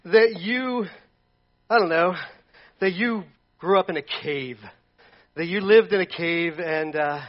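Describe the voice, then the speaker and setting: A man's voice: sits high, takes it slowly, long pauses. A man preaching a casual, humorous sermon, rambling and playful and often restarting his sentences. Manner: rambling and playful, with self-corrections. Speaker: pastor. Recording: dull lo-fi recording.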